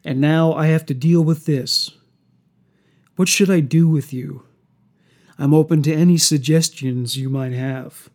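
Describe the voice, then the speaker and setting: A soft-spoken male killer, coldly calm and mocking, as a man reads him aloud. He talks slowly and unhurriedly. His voice sits slightly high.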